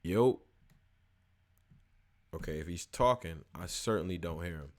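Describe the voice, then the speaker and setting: A man in his early thirties hosting a live call-in show, telling animated, slang-heavy stories and then sliding into loose, mumbled housekeeping. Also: a little slow. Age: early 30s. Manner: animated slangy storytelling, switches to loose low-key housekeeping. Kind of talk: casual live call-in monologue.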